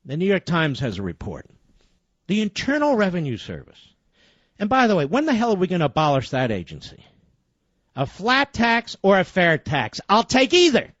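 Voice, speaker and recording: An outraged man runs a talk radio segment, his voice sitting very high and leaping around as he presses his points. The sound is close and dry, with a muffled, lo-fi broadcast quality. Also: wildly swooping pitch, normal speed, pauses often, fairly bright tone, dry recording. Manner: indignant, emphatic, rhetorical questions.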